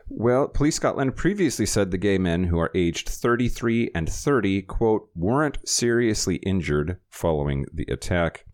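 Deep-voiced man hosting a news rundown. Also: expressive, normal speed, hardly any pauses, a little mellow. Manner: reads news items with wry asides and laughs. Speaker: podcast host.

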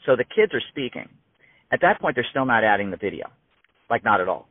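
A man in his fifties, a musician guest telling an emphatic, animated story in casual conversation, heard over a tinny phone-like line. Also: medium pitch, brisk, no echo. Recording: tinny phone-like dry sound.

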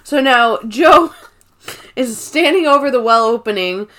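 A woman co-hosting a podcast, recapping a movie in an animated, laughing way. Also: fairly high pitch, a little slow. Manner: animated, laughing retelling with frequent fillers. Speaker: podcast co-host. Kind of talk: casual chat recapping a movie.

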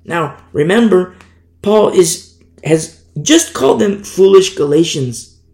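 A pastor delivers a sermon emphatically, repeating key phrases and swinging between loud declarations and hushed asides. His voice is high-pitched, animated and slow, with vocal fry, in an echoey room.

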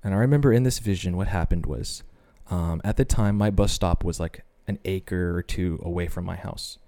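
Speaking at a moderate pace in a deep, mellow voice, a man tells the story of his faith on a podcast. It's an earnest, conversational testimony, and he acts out the quoted voices.

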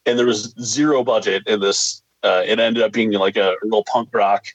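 A man who writes comic books, a guest on a podcast, explaining in a relaxed way how the project began. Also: on the low side, moderate pace, dry recording, poor audio. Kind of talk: casual interview answer.

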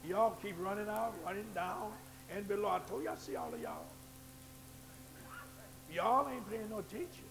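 A man preaching a sermon in church, swinging between low asides and shouted, fervent climaxes. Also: very animated, normal speed, creaky, pauses often, background noise.

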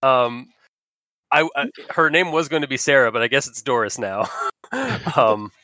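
A man's voice: medium pitch, moderate pace, sharp tone, dry recording. A man running a tabletop game as game master, chatting casually with apologetic asides.

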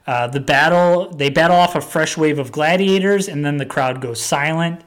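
A man's voice: on the high side, normal speed. A man casually telling a long story, with lots of fillers and acted-out quotes. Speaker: storyteller pitching a plot. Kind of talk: casual chat.

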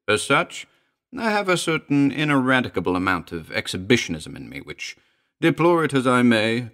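A man's voice: medium pitch, a bit bright. A man voicing a proud, mocking male scientist in an audiobook, speaking with scorn and laughter in his voice. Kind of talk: audiobook character voice.

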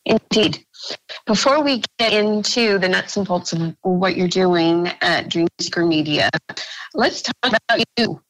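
Brief: a gracious female radio host with a lowish voice and a dry studio sound. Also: animated, a little slow, fairly bright tone, no room sound, rough recording. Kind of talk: radio interview.

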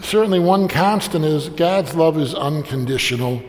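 In a large hall, an older man with a fairly high voice tells a family story during a sermon at a moderate pace. He is folksy and anecdotal, briefly slipping into the voices of the people involved.

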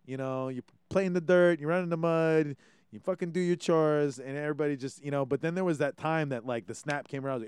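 A man from Hawaii, hosting a casual podcast chat in an animated, swearing way. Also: fairly high pitch, brisk, clear, resonant tone, no room sound. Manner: animated, swearing, many restarts. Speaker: podcast host.

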